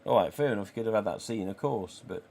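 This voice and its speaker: A man's voice: fairly low pitch, fast talker, vocal fry, mellow. A man in his forties with an English accent, hosting a casual live stream and chatting, swearing freely, and acting out the dialogue he quotes. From England. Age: 40s.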